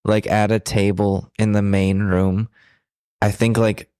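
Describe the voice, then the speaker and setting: Low-voiced man, blunt and profane. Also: little pitch movement, a little slow, darkish tone, smooth, no room sound, clean studio sound. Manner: blunt, profane, self-deprecating. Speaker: podcast co-host. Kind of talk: candid storytelling chat.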